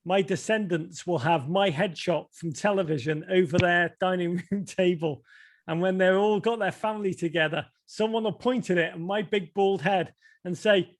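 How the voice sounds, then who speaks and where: A man with a Liverpool accent, an author telling stories on a video call and acting out the voices in them. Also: high voice. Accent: Liverpool English. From England. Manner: animated, acts out quoted voices. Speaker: author reading and discussing his book. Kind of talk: casual storytelling talk.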